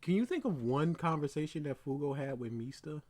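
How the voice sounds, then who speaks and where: Excitable man ranting, mocking impressions. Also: fairly high pitch, a little fast. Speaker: co-host. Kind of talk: casual commentary chat.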